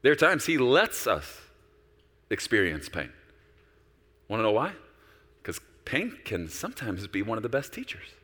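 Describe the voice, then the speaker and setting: Pastor preaching a sermon, man, low voice with bright edge, long church-hall echo. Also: a little slow, long pauses. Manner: animated preaching, with quoted voices of God and himself.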